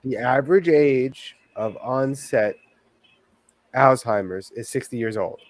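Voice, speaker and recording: A man co-hosting a podcast in casual chat, halting and groping for words. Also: medium pitch, no echo. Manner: halting, loses his words. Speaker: podcast co-host.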